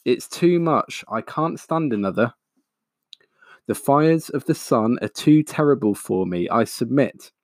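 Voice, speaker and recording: A man's voice: mid-range voice, lively intonation, measured pace, a little mellow, dry recording, clean studio sound, close to an everyday voice. A man voicing an exhausted, defeated giant male space dragon who pleads and wails. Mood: pleading. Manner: pleading, wailing.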